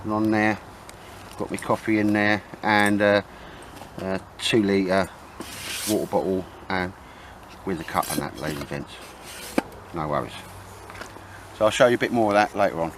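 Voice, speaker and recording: A man's voice: low-pitched, moderate pace, long pauses, noisy background. A middle-aged man, chatting and joking on his outdoor vlog in the woods. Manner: jokey, banter-heavy, laughs a lot. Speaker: vlogger. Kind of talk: casual outdoor vlog chat.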